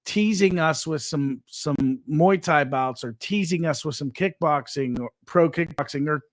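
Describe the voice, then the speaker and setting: A man co-hosting a live podcast, pitching upcoming events in an upbeat, promotional way with hype slang. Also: a little slow, dry recording. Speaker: podcast co-host and fight promoter. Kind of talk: casual live podcast chat. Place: studio.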